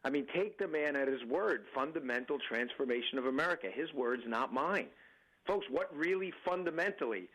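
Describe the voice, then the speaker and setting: A man gives a radio interview as a political guest. His voice sits at a middle pitch. He talks emphatically, often restarts his sentences, and speaks straight to the listeners. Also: lively intonation, moderate pace, fairly bright tone, rough recording.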